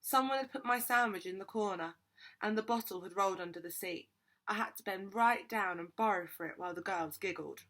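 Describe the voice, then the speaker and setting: A woman reading a children's novel aloud with steady, expressive narration. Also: mid-range voice, a little fast. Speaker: reader.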